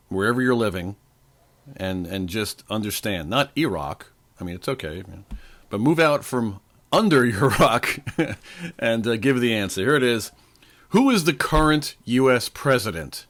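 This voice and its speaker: A man hosts a casual trivia podcast. His fairly low voice swings widely up and down as he jokes and rambles between questions. He pauses now and then for a sip of water. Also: lively intonation, fairly bright tone. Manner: jokey, rambling, talks straight to listeners. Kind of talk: casual trivia quiz hosting.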